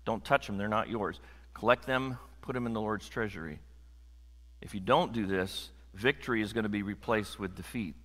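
A man preaching a sermon to a congregation in a conversational, animated way, joking with the room. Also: lowish voice, moderate pace. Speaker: pastor. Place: church sanctuary. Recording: long hall reverb.

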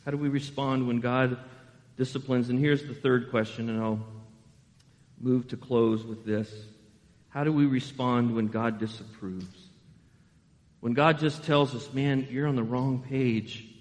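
A man in his sixties preaching a sermon in a conversational, animated way, full of rhetorical questions. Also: medium pitch, unhurried, pauses often, big-room sound. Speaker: pastor.

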